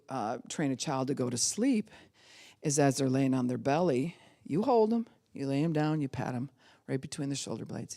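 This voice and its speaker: A woman pastor preaching a sermon, acting out quotes in different voices and laughing often. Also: fairly low pitch.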